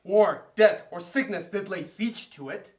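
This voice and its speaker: A man's voice: high-pitched, unhurried. A male acting student reading a young lover's lines from a Shakespeare scene, with earnest, building verse delivery in class.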